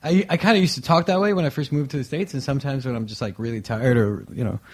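A man in his thirties talking as a guest on a podcast, animated and laughing often. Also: medium pitch, fast, husky. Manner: animated, laughing, playful voices. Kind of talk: casual chat.

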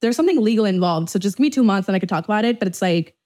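Rapid-fire young woman, raw and candid. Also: mid-range voice, animated, darkish tone. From Dubai. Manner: rapid, frank and profane, full of restarts and "like". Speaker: podcast host. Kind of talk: candid confessional monologue.

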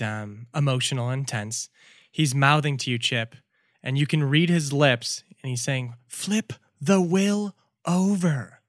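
A young adult man narrating a tabletop game as game master, measured and soft, with frequent "um"s. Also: medium pitch, no echo, clean studio sound.

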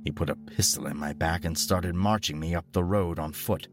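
A man reading a scripted horror story in a steady, grave storytelling manner. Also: low voice, moderate pace, music in the background. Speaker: narrator.

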